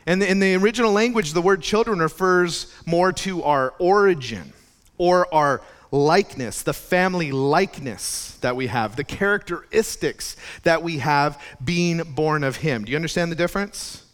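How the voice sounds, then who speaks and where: Chatty male pastor with a bright voice. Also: a little high, normal speed. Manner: conversational, chatty preaching with restarts. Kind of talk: sermon.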